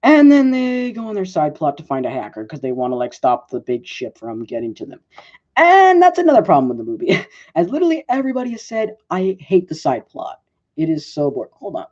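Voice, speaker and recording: A man's voice: sits high, huge pitch swings, fairly quick, a little mellow. A man giving a casual movie review, rambling with lots of "like" and fillers and often correcting himself, on a dull lo-fi recording. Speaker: film reviewer.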